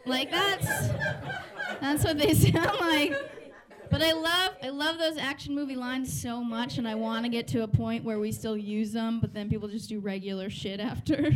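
A woman's voice: a little high, fairly even intonation, moderate pace. A woman in her thirties doing a stand-up comedy set in a club, chatty and sardonic, laughing through her lines. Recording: noisy live club recording.

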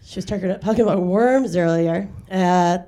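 A woman's voice: lowish voice, moderate pace, mellow. Wry self-deprecating woman doing stand-up. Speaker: stand-up comedian. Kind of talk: stand-up set at a live radio show. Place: garage venue with live audience.

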